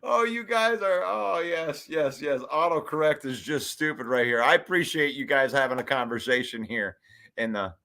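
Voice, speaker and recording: A high, bright-voiced man hosts a live fan commentary stream. He talks in an animated, hyped way, reads chat comments aloud and laughs often. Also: normal speed. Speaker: sports show host.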